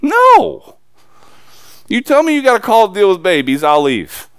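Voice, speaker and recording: Man, pastor, preaching a sermon, impassioned, rising and falling pitch, dry close sound. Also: sing-song, brisk, clear, resonant tone, dry recording. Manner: impassioned preaching, swings from loud emphasis to low confiding asides.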